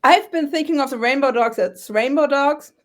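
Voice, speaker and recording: A woman running a tabletop game as game master, describing scenes in a chatty, halting way. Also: high-pitched.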